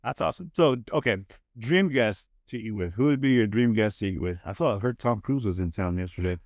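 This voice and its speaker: A man hosting a podcast in a casual, playful way, laughing often and firing off quick questions. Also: on the low side, darkish tone, no echo, clean studio sound. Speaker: podcast host. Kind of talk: casual chat. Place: podcast studio.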